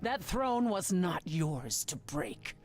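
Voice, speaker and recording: A low, imperious goddess. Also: female voice, very animated, takes it slowly, faint music behind. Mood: indignant. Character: proud, indignant goddess of a pantheon.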